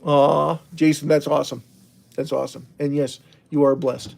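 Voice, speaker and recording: Fairly high in pitch yet gravelly and darkish, this man's level voice moves at normal speed. Hosting a relaxed livestream, he rambles through the chat out loud, frequently restarting and laughing.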